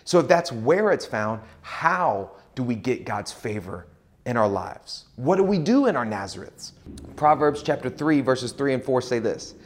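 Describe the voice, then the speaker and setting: A man's voice: medium pitch, big pitch swings, unhurried. A male pastor preaching a sermon in a conversational way, acting out quoted voices with dramatic shifts.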